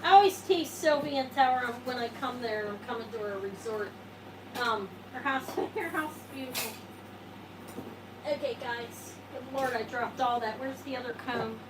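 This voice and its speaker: This woman's voice is on the high side and moves at normal speed over a noisy background. Hosting a live jewelry sale, she talks in a loose, chatty way, responds to viewers, and laughs at her own self-deprecating jokes.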